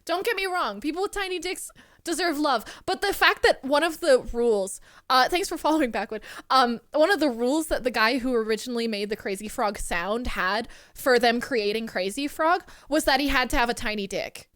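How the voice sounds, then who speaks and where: Excitable high-voiced woman streamer. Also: fairly quick, no echo, studio quality. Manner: excitable, giggly, swears casually. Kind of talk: casual live-stream chat. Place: home streaming room.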